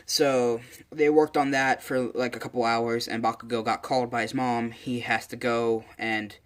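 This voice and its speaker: A man's voice: medium pitch, flat delivery, moderate pace, a bit bright, clear, resonant tone. A man casually narrating a fan story, rambling with lots of fillers and self-corrections. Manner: rambling, many fillers and restarts. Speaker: channel host.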